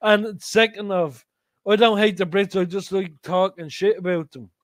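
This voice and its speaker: A man's voice: high voice, steady tone, moderate pace, no room sound. A man teasing and swearing heavily as a guest on a casual live-stream chat. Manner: crude, teasing, heavy swearing. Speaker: livestream panel guest.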